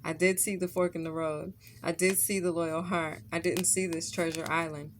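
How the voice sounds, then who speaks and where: A woman's voice: on the low side, little pitch movement, moderate pace, slight background noise. A woman giving a casual tarot reading, blunt and profane, who laughs often and keeps checking in with "okay?". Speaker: tarot reader.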